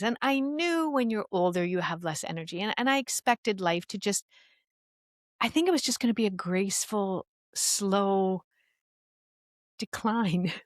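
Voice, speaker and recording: A middle-aged woman co-hosting a podcast, chatting casually, animated and jokey with frequent laughs. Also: mid-range voice, dry recording, studio quality. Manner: animated, joking, laughs often. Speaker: podcast co-host. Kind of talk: casual chat.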